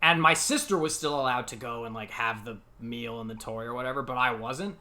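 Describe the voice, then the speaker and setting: Animated man telling a funny story. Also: mid-range voice, brisk. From United States. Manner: animated, laughing, acts out quotes. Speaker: podcast co-host. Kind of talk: casual storytelling chat.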